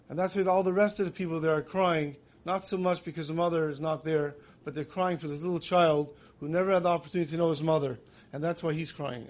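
A man giving a sermon, telling stories in an earnest way that builds emotion. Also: on the high side. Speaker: religious teacher.

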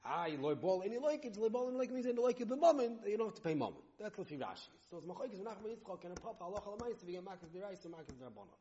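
Man, Talmud teacher, rapid-fire lecturing, fairly high voice, dull lo-fi recording. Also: darkish tone. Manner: rapid, mixing Hebrew-Aramaic terms into English, restarts often. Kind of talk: in-depth yeshiva-style lecture.

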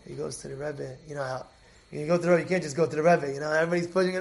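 A man teaching a Torah class as an animated storyteller who repeats and restarts his phrases. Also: a little high, quick pace.

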